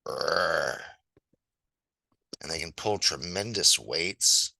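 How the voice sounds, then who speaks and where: A man casually telling a fable while sketching, rambling and playful with chatty asides. His voice is fairly low but bright and forceful, heard close and dry. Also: a little slow, dry recording, rough recording. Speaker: storyteller.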